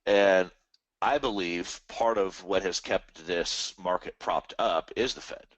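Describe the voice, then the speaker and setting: Casual live-stream host, male, low voice, rambling and animated, dry close mic. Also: takes it slowly, no echo. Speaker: trading webinar host.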